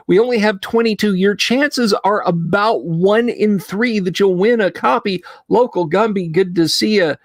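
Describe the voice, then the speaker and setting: A man's voice: sits high, moderate pace, hardly any pauses, no room sound, studio quality. A man hosting a casual livestream, chatty, reading viewer names aloud and laughing easily. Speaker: livestream host.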